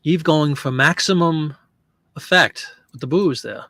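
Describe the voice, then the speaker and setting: A man's voice: fairly high pitch, unhurried, fairly bright tone, dry recording, clean studio sound. A man casually talking through an online listing session, joking and fumbling over French pronunciation. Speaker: online reseller listing print ads.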